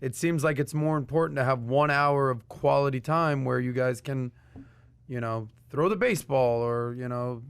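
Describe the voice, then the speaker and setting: Male co-host, gravelly voice, loose joking banter. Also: medium pitch, moderate pace, no room sound. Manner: joking, rambling. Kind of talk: casual chat.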